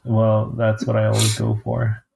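Low gravelly guy teasing his friends about a movie. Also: monotone, normal speed, a little mellow. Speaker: podcast co-host discussing a film. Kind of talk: casual chat.

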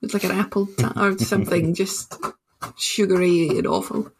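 A woman's voice: medium pitch, fairly even intonation, normal speed, darkish tone, slight background noise. A woman chatting casually about a film, tossing in short quips and reactions. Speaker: podcast co-host discussing a film. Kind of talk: casual chat.

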